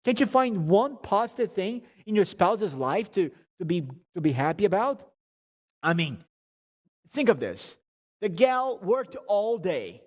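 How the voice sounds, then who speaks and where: Male seminar speaker, high voice, animated and joking, reverberant hall sound. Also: measured pace. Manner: animated, humorous, repeats words while restarting. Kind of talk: conversational teaching talk.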